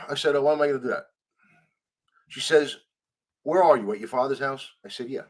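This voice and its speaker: A man's voice: mid-range voice, a little fast, long pauses. A man telling a story in a conversational interview, acting out the people he quotes and swearing freely. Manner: animated, acts out quoted dialogue, swears freely. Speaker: guest.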